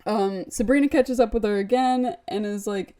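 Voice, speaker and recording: A woman's voice: fairly high pitch, normal speed. A woman co-hosting a podcast, retelling an episode in casual chat and acting out the characters' lines. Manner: animated storyteller, acts out the lines, says like often. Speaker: podcast co-host.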